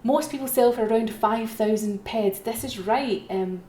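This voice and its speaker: Woman auction host, chatty and self-mocking, echoey room, soft typing behind. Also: a little high, normal speed, slight background noise. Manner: chatty, self-mocking, repeats calls for bids. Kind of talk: live-streamed auction commentary. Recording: roomy echo, faint keyboard typing.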